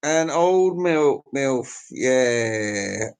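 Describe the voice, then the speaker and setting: A man's voice: medium pitch, lively intonation, very slow, vocal fry, darkish tone, clear, resonant tone. A middle-aged man with an English accent, rambling crudely through a casual livestream chat with his viewers. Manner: rambling, crude, chuckling to himself. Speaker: livestream host.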